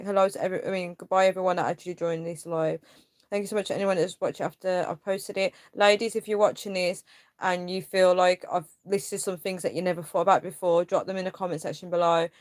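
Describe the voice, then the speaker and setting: Casting: young woman, lowish voice, dry close sound, rambling livestream chat full of fillers. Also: fairly even intonation, brisk, no echo. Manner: rambling, filler-heavy, frustrated venting. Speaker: livestream host. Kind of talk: casual livestream chat reading comments.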